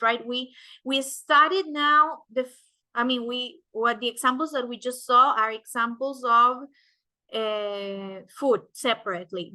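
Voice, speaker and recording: Bright-voiced woman teaching slowly. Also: on the high side. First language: Spanish. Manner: explains step by step, adds "right?" to check understanding. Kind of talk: classroom lecture.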